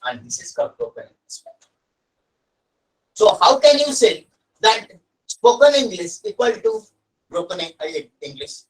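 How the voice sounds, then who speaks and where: A man's voice: high-pitched, a bit bright, recorded from a distance, poor audio. Indian-accented male English teacher, emphatic. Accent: Indian (Odia). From Odisha, India. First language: Odia. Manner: emphatic, repeats key points to students. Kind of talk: classroom lesson.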